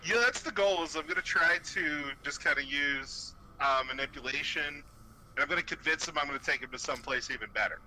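A man's voice: fairly high pitch, brisk, sharp tone, slight background noise, poor audio. A man playing a tabletop game, thinking aloud in a casual way. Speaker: player.

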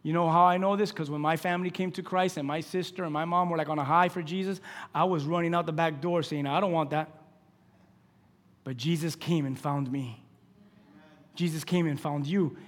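A male pastor preaching a sermon in an animated storytelling way, asking the congregation questions. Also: on the high side, fairly quick, long reverb tail.

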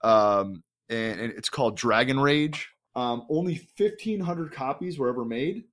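A man's voice: mid-range voice, animated, measured pace, fairly bright tone. A man co-hosting a podcast, telling an enthusiastic, rambling story in casual chat, full of fillers and restarts. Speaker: podcast co-host.

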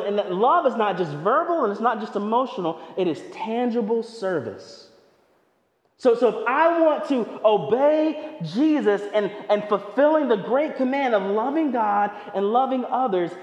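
High-voiced, animated male preacher. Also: echoey room, big-room sound. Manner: emphatic, conversational, humorous. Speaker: pastor. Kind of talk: sermon.

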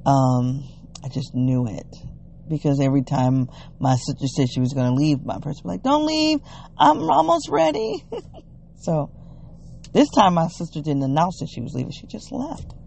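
In a mid-range, somewhat creaky voice at a moderate pace, a vlogger thoughtfully recounts a family story, animating the quoted lines and peppering it with "you know"s and restarts. A faint hiss or hum is audible.

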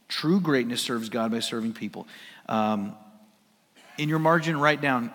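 A male pastor with a high voice preaches in a large church hall, and a long reverb trails each phrase. He swings from loud, punchy emphasis down to hushed near-whispers. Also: big pitch swings, unhurried. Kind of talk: sermon.

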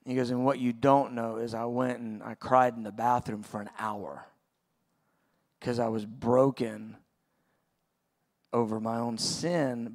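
A pastor in his forties preaching a sermon, telling a personal story in a conversational, halting way. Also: mid-range voice, darkish tone. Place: church auditorium.

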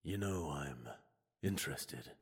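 A man's voice: extremely low pitch, lively intonation, takes it slowly, slightly rough, voice pushed down, exaggerated voice. A man voicing a weary Greek hero with a wry, grumbling manner in a comedy audio sketch.

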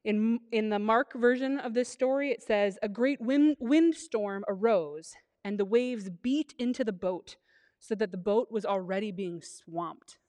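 A woman preaching a sermon, retelling scripture in a casual, lively storytelling manner with playful asides. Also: mid-range voice, unhurried. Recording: long hall reverb.

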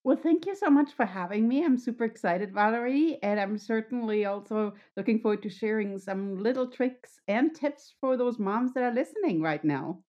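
A woman's voice: fairly high pitch, animated, normal speed, few pauses, muffled recording. A woman from Germany with a German accent, a podcast guest speaking in a friendly, upbeat, explanatory way. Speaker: podcast guest, wellness coach. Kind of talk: conversational interview.

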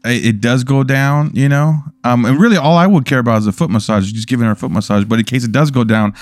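A man's voice: mid-range voice, quick pace, no echo. A man playing along in an improvised comic bit, stammering and mock-earnest. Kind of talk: improvised comedic banter.

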